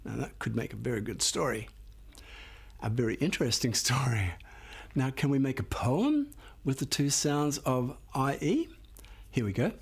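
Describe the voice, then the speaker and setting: A man's voice: medium pitch, big pitch swings, normal speed, creaky, long pauses, slightly rough. An older man teaching a phonics lesson, patiently sounding out words one at a time and encouraging the learners. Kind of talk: slow classroom phonics lesson.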